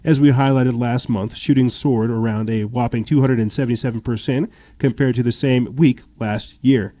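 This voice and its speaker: A man's voice: mid-range voice, fairly even intonation, normal speed, warm tone, no room sound. A man hosting a political commentary podcast, reading news reports aloud and adding sarcastic, indignant remarks with stammered restarts. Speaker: podcast host.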